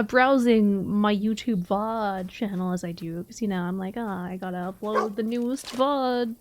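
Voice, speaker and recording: A young woman streaming a game live, chatting casually, laughing often and answering her chat. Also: medium pitch.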